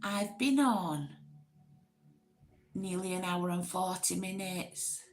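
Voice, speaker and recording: A woman's voice: fairly low pitch, takes it slowly. A woman from Oldham with a Greater Manchester accent, casually chatting to viewers on a livestream and rambling with fillers. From Oldham, England. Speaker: livestream host. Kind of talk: casual live chat reading comments.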